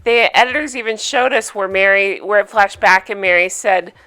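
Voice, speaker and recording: A woman's voice: medium pitch, fairly even intonation, normal speed, sharp tone. A woman hosting a casual recap vlog, chatty and opinionated, sharing gossipy takes. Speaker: reality TV recap host.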